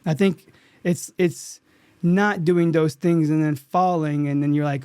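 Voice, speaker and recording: A man speaking in a slightly raised register, earnest and animated as he recounts a story from a set. He restarts his sentences often as the feeling catches up with him. The sound is dry and close, like a podcast mic with no room around it. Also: fairly high pitch, a little slow, clear, resonant tone, dry recording. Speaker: actor guest. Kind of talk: casual interview storytelling.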